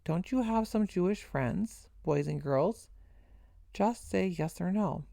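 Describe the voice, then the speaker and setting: A woman's voice: lowish voice, lively intonation, slow, vocal fry, mellow, no room sound, studio quality, exaggerated voice. A woman reading aloud, voicing a menacing adult male soldier who coaxes and barks at children. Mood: wheedling. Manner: wheedling then barking, mocking.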